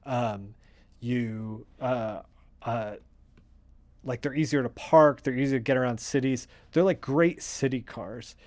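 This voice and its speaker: A male streamer chats casually while he colors comic art. He rambles with plenty of fillers and climbs quickly into excited outbursts. His pitch sits in the middle range. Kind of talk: casual livestream chat.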